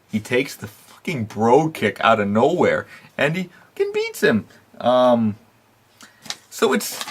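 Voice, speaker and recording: A man's voice: medium pitch, slight background noise. A man hosting a wrestling recap show, talking casually and bluntly, swearing constantly between fillers and short laughs. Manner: animated rants with frequent fillers and laughs. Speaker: wrestling podcast host.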